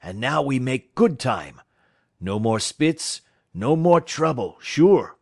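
A rough, excitable sled-dog driver bursts out in loud, broken English, as a male narrator puts him on. His voice leaps well above a plain speaking voice. The recording is dry and close. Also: medium pitch, slow pace, no room sound, voice pushed up, heavily acted. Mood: cheerful.

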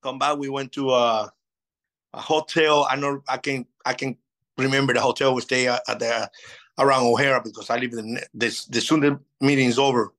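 Bright-voiced man telling stories in an interview. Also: mid-range voice, normal speed, poor audio. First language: Spanish. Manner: animated, acts out past dialogue. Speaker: interview guest. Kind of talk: casual storytelling interview.

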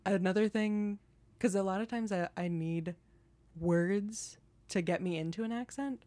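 A woman comedian as a podcast guest, chatting playfully and sliding into quick joke voices. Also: medium pitch, mellow. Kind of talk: casual podcast chat.

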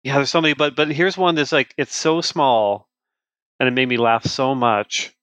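A man co-hosting a comics podcast in casual chat, animated, acting out lines in voices. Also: medium pitch, normal speed, no echo. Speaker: podcast co-host.

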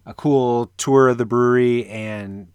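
A man's voice: mid-range voice, steady tone, unhurried, a little mellow, clear, resonant tone, dry recording. A man co-hosting a casual podcast, joking and rambling with many restarts. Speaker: podcast co-host. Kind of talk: casual chat.

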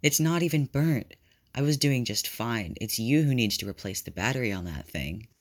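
A man's voice: expressive, moderate pace, close to an everyday voice. A man reading fan fiction aloud, voicing a cheerful, teasing young volleyball player with a raised, bouncy voice. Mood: breezy. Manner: bright, bouncy, raised pitch.

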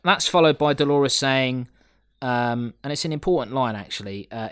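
A man's voice: mid-range voice, lively intonation, normal speed, a bit bright, clean tone, no room sound, clean studio sound. A man hosting a podcast, chatting casually and joking with lots of fillers while reviewing an episode. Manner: lots of fillers, jokey, swears. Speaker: podcast host.

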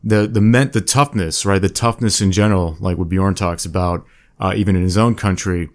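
A man's voice: low-pitched, steady tone, fairly quick. A man in casual conversation, rambling and self-deprecating, often restarting his sentences. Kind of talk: casual chat.

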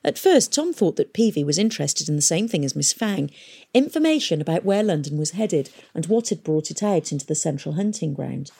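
Woman narrating a storybook, lowish voice. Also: expressive, fairly quick, vocal fry, mellow, husky. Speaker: audiobook reader.

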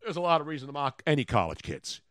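Older male host, gruff yarn-spinner, mumbles at times, dry studio mic. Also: fairly high pitch, very animated, fast, a bit bright, no room sound. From Philadelphia. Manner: gruff, storytelling, drops to a mumble. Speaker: radio show host. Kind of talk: casual studio banter.

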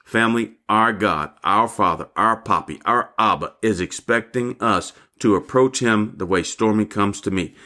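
A man's voice: fairly low pitch, moderate pace, hardly any pauses, pushed and bright. An older man giving a fervent devotional sermon as a pastor, calling his listeners family. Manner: fervent, repeats calls of "family" and "hallelujah".

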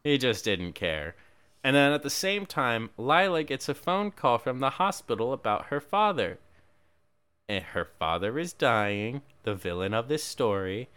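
Sarcastic man with a smooth voice. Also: medium pitch, big pitch swings, a little slow, fairly bright tone. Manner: sarcastic, dry asides, acts out quotes. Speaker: podcast co-host. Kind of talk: casual movie recap chat.

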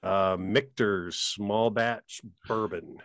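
A man who is a guest on a podcast, chatting in a relaxed, easygoing way. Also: fairly low pitch, drawn-out words, no room sound, clean studio sound. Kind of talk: casual chat.

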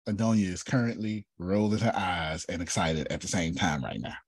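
A man's voice: deep voice, normal speed, slightly rough, dry recording. A man hosting an online workshop in a casual, joking teaching style, often repeating himself for emphasis, heard over a video call.

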